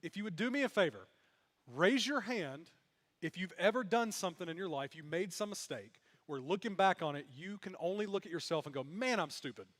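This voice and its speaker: High-voiced pastor with humorous storytelling. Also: male voice, animated, fairly quick, fairly bright tone. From Mississippi. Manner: storytelling with self-deprecating humor. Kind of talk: sermon. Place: church sanctuary. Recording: long hall reverb.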